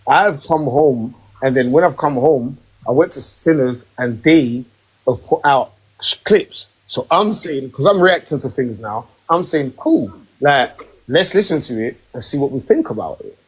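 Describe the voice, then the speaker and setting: A man hosting a podcast live stream from home, ranting emphatically in casual chat and rising in pitch when worked up. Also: lively intonation, a little slow, slightly rough, low-quality recording. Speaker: podcast host. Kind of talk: heated casual rant.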